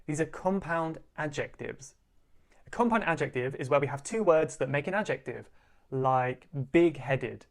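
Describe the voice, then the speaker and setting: A woman teaching English pronunciation in a played video clip, saying words slowly and repeating them. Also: deep voice, expressive.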